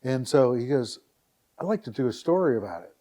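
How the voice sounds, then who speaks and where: A middle-aged man from Northeast Ohio tells a story as a guest on a podcast. His voice is warm and mellow and sits in a middle pitch. He is animated and keeps acting out the lines of the people in his story. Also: fairly quick. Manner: animated anecdote teller who acts out dialogue and keeps repeating "all of a sudden". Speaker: podcast guest, website founder. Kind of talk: casual storytelling interview.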